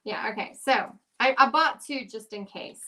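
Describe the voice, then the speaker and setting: A woman's voice: on the high side, moderate pace, pushed and bright. A middle-aged woman, chatty and giggly, rambling through a casual craft demo as the channel's host.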